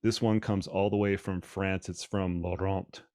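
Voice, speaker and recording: Low-voiced man hosting a coaching podcast. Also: level tone, a little slow, darkish tone, clear, resonant tone, no echo, studio quality. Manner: conversational, repeats words as he thinks aloud. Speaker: podcast host and running coach. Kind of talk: casual podcast discussion.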